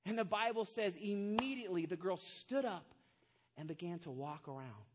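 A pastor preaching a sermon, telling a story and acting out the voices of the people in it, building to loud, emphatic points. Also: male voice, sits high, lively intonation, normal speed.

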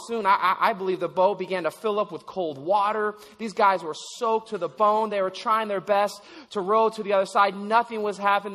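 Male pastor, higher register, animated storyteller who stammers and restarts, recorded in a reverberant church hall. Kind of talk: sermon.

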